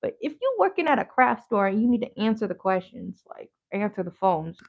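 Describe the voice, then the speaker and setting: Woman with a gravelly fry, chatty streamer. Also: medium pitch, sing-song, a little fast, narrow, tinny audio. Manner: slangy, rambling, talks back to chat. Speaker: yoga therapist and crafter, livestream host. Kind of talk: casual livestream chat while crafting.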